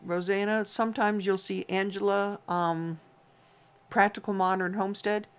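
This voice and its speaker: A female co-host of a homestead livestream reads out viewers' names and comments, chatty and teasing. Her mid-range voice is smooth, fairly even in intonation and moderately paced.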